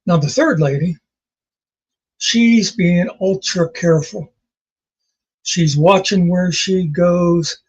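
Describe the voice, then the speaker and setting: A man's voice: high voice, slow pace, long pauses, husky, low-quality recording. A man casually telling jokes as host, rambling and folksy in his storytelling.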